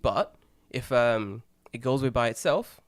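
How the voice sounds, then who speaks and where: A man's voice: medium pitch, measured pace, no echo, clean studio sound. A young man co-hosting a podcast, telling a rambling story in casual chat, swearing often and acting out the people he quotes. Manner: rambling, swears a lot, animated when acting out others. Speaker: podcast co-host.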